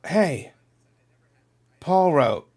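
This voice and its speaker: A man's voice: on the high side, very animated, drawn-out words, a little mellow. A middle-aged man hosting a casual livestream, reading out viewer chat and rambling emotionally to his audience. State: on the verge of tears.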